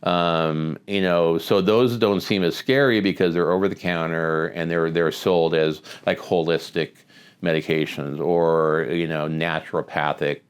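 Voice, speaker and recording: A man's voice: sits low, fairly even intonation, a little slow, smooth. A middle-aged man, a physician host, telling a patient story in a conversational way with many restarts. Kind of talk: casual talk to camera.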